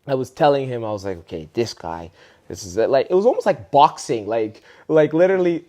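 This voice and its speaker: A man's voice: mid-range voice, a little fast. A man who teaches street dance and is from Canada, telling a story in a casual interview and acting out what people said in a raised voice. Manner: animated, acts out quoted people in a raised voice.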